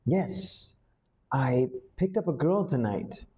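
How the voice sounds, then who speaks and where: A man's voice: sits high, very animated, slow, darkish tone, echoey room, pitched above the performer's own voice, exaggerated voice. A man playing a startled adult male driver in a school ghost play, reading the script lines aloud with a raised, wide-eyed rehearsal delivery. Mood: hesitant.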